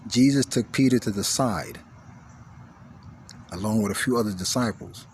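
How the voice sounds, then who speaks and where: A man giving a spiritual teaching monologue, repeating key phrases and swinging between hushed lines and forceful emphasis. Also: on the low side, normal speed, slight background noise.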